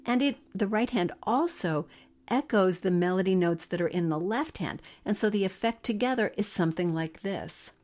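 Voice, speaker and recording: Woman, harp teacher, friendly explanations, middle-aged, mid-pitched voice. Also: lively intonation, moderate pace, darkish tone. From Philadelphia area. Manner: friendly explanatory, sings rhythms. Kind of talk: podcast music lesson.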